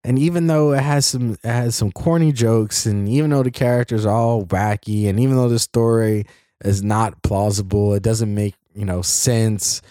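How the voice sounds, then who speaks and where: A man's voice: fairly low pitch, steady tone, moderate pace, dark tone, dry recording, clean studio sound. A man giving a casual spoken film review for his show, rambling with many fillers and restarts. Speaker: podcast movie reviewer.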